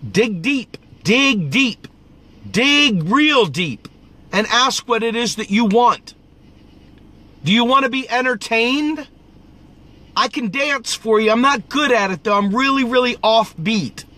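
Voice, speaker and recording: A man's voice: extremely high pitch, unhurried, pushed and bright. A man venting in a profane, preachy rant and repeating phrases for emphasis, with a cough at times. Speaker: political video host. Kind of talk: impassioned ranting vent session.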